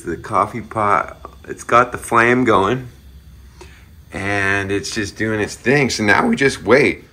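Deep-voiced man demoing in a roomy kitchen. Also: recorded from a distance. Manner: relaxed, chatty, talks straight to viewers. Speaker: host of a how-to channel. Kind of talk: casual how-to demonstration. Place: kitchen indoors.

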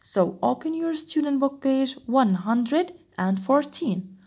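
A woman teaches a lesson in a husky voice that sits a little high. She speaks very slowly and repeats each phrase. Her pitch rises and falls in wide, lively swings. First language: Arabic. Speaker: English teacher. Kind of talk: recorded classroom lesson.

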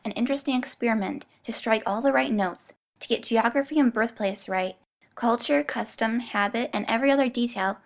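A woman narrating an audiobook in a measured, even storytelling manner. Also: fairly high pitch. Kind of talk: scripted narration.

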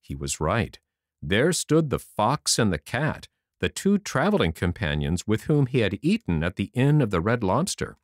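Animated male storybook narrator. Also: lowish voice, moderate pace, no room sound, studio quality. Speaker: audiobook narrator.

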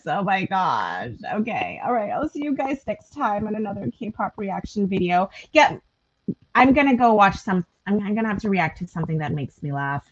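A woman's voice: mid-range voice, big pitch swings, moderate pace, a little hiss or hum. A woman hosting a reaction video, talking in a casual, gushing and emotional way with a lot of "like" fillers. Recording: dull lo-fi audio.

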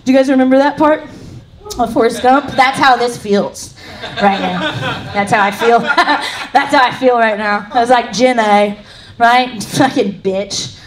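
A woman's voice: fairly high pitch, normal speed. A woman doing a live stand-up set on a comedy club stage, rambling and self-mocking, laughing at her own jokes. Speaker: stand-up comic.

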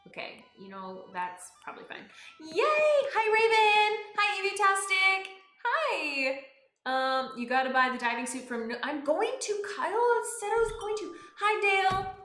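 A young woman streaming a game, bubbly and excitable, swinging between high squeals and low mutters. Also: reverberant. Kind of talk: live-streamed game play.

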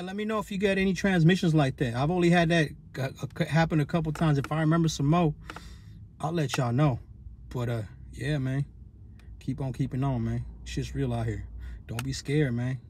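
A man's voice: fairly high pitch, normal speed, darkish tone, slight background noise. A man telling a rambling story in a loose, slang-heavy way, full of restarts and "you feel me" tags. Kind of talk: casual storytelling monologue.

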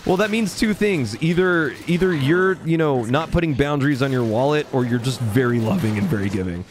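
A man's voice: medium pitch, lively intonation, moderate pace, slight background noise. Chatty young man streaming a game. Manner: chatty, thanks viewers by name, laughs often. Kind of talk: casual live-stream chat.

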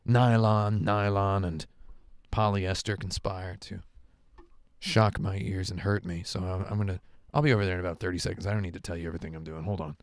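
A man's voice: low voice, fairly even intonation, brisk, dry recording. A man chatting casually on a game livestream, telling rambling, digressive stories into a headset at home. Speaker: streamer. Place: home room with carpet.

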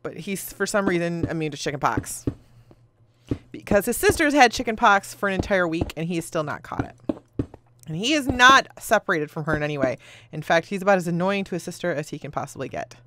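Chatty woman with a lively, swooping voice. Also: lowish voice, brisk, noisy background. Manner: chatty, rambling storyteller who laughs often. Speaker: gaming video host. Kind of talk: casual chat while playing a game.

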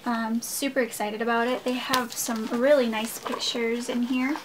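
Over background noise, a young woman in a haul vlog talks to "you guys" with casual, gushing enthusiasm. She speaks at normal speed in a fairly high, level voice.

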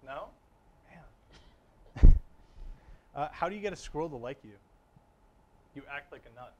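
A man's voice: on the high side, animated, moderate pace, darkish tone, a little hiss or hum. A young man hosting a student TV segment, telling dad jokes and pleading for laughs after each one. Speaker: student TV host. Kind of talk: playful group challenge chat, telling dad jokes.

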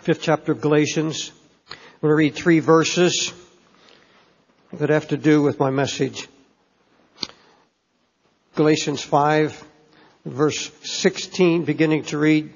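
A man preaching a sermon in a church in a deliberate, earnest way, stressing key phrases. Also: a little high, steady tone, gravelly, breathy edge. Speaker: pastor. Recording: dull sermon tape in a reverberant church.

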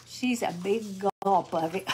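Drawling, unhurried older woman. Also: medium pitch, noisy background. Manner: folksy, chatty, greets viewers by name. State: tired. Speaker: livestream host. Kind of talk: casual livestream chat while crafting.

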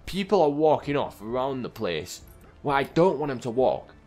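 A young man casually commentating his video game play, chatty and quick to get exasperated at the characters on screen. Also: mid-range voice, very animated, darkish tone, faint music behind. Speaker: gaming channel host.

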